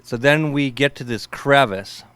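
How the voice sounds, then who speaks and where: A man's voice: medium pitch, a little slow, fairly bright tone, clear, resonant tone, no echo. A man in his fifties hosting a show, telling rambling casual stories in a laid-back way, peppered with "man" and "for sure". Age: 50s. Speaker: host.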